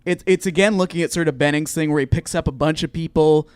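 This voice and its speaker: Podcast co-host, man, smooth clear slightly high voice, wry and hedging, dry sound. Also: steady tone, fast, no echo. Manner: thinks aloud, hedging and wry. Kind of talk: casual sports chat.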